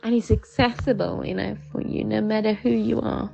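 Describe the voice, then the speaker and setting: A woman's voice: medium pitch, steady tone, moderate pace, vocal fry, a little mellow, lo-fi sound, soft background music. A middle-aged woman giving an informal, chatty home sermon in an earnest tone, often calling things amazing. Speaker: preacher.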